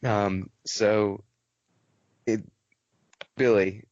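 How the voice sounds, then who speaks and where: A man with a low voice hosts a casual podcast and tells stories in a quick, animated way. The recording is dry and slightly muffled. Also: no room sound. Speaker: podcast host.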